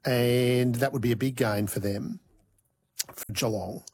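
A man's voice: medium pitch, fairly even intonation, a little slow, a little mellow, a little hiss or hum. A man giving opinionated football analysis on talk radio. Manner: opinionated, trails off and restarts. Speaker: football commentator.

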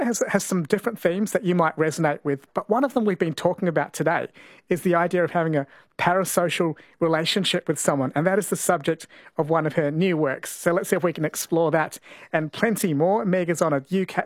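A man's voice: fairly high pitch, fairly quick, no room sound. Dry-sounding male radio host. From New Zealand. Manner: relaxed, conversational, rephrases mid-sentence. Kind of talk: casual radio chat. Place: radio studio. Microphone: studio microphone.

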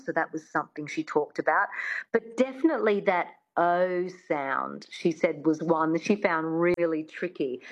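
Chatty Australian accent coach, dull line. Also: female voice, lowish voice. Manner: chatty, many restarts and "I mean". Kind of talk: interview guest.

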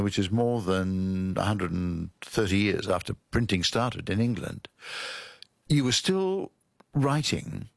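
A man with a low, gravelly voice talks on a radio talk show as a guest language expert. He explains in a lecturing way and spells words out letter by letter. His voice sits close and dry on a studio microphone. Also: no echo.

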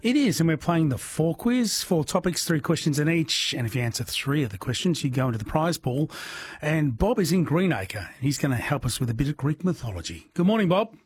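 A husky-voiced man hosting a late-night radio quiz from a studio. He sits a little high for a man's voice and keeps up friendly, chatty banter with callers, laughing easily. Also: big pitch swings, brisk. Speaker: radio host.

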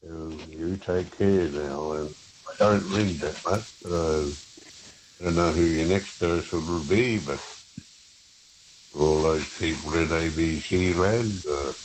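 An older man calling a radio show, speaking gently and slowly and offering blessings. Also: deep voice, slight background noise, poor audio. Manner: slow, gentle, blessing-giving. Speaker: caller, elder. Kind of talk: phone-in chat.

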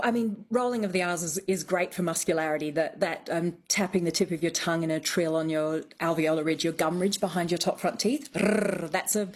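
A woman's voice: mid-range voice, a little mellow. A woman dialect coach explaining methodically in a radio conversation.

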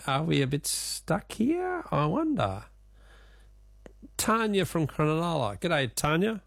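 A man's voice: fairly high pitch, huge pitch swings, slow, creaky, a bit bright, dry recording, clean studio sound. A man with an Australian accent hosting a casual radio quiz, joking and laughing with callers. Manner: jokey, laughs often, teasing callers.

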